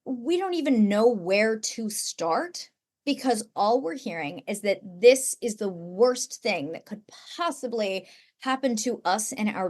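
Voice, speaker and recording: A woman's voice: a little high, a little mellow. A woman author talking as a podcast guest, earnest and at times close to tears. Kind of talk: emotional podcast conversation.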